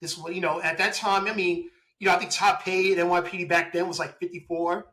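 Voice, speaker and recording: A police officer in his forties, appearing as a guest, tells his story in a relaxed interview. His slightly high voice is very bright and forward, his pace brisk, and he animatedly acts out quoted dialogue despite poor audio.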